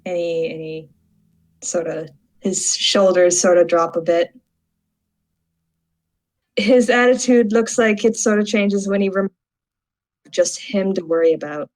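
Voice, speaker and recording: A woman playing in a tabletop role-play, describing her character's actions in an excitable way. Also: on the low side, unhurried, long pauses, low-quality recording. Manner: laughing, excitable. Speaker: player. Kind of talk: casual role-play chat.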